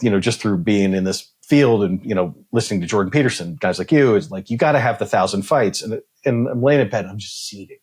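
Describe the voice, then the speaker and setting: His voice is on the low side and slightly rough. In a casual chat as a podcast guest, this man in his forties swears freely, speaks bluntly, and brings his stories to life by acting out dialogue.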